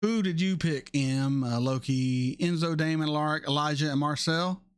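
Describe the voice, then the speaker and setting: A man in his thirties hosting a casual chat, answering viewer questions in a blunt, animated way and swearing freely. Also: on the high side, normal speed, clean tone. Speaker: reaction channel host.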